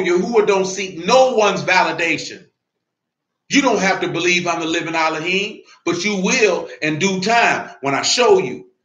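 Forceful high-voiced male preacher. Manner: emphatic, swells into shouts, blunt street talk. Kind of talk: sermon. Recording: roomy, dull lo-fi recording.

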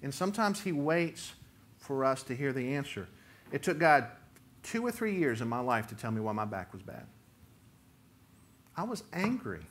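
A middle-aged male pastor in full sermon mode. He preaches with lively swings of pitch and volume, jumping high and loud when he acts out a voice, then dropping low and quiet. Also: normal speed. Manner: animated preaching, rising loud for quoted voices.

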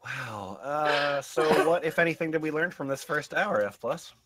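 Bright-voiced laughing comedy podcast host. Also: male voice, on the high side, normal speed, slight background noise. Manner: laughs often, loud outbursts, rambling fillers. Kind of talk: casual comedy chat.

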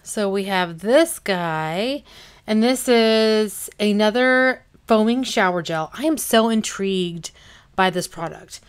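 A woman's voice: mid-range voice, slow pace, clear, resonant tone. A woman vlogging casually at home, chatting through a product unboxing and cooing at her cats in baby talk. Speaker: beauty vlogger.

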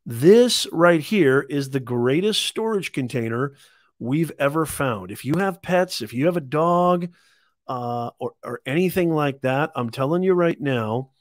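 A man's voice: on the high side, animated, measured pace, no room sound, clean studio sound. Hyped man pushing deals. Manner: hyped salesy, repeats calls to add to cart. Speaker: host of live shopping stream. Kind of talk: live deal-hunting stream.

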